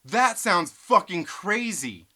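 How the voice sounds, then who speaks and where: Profane bright-voiced man ranting on stream. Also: sits high, expressive, takes it slowly. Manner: profane, laughing, reading chat aloud. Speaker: live stream host. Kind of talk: casual live stream rant.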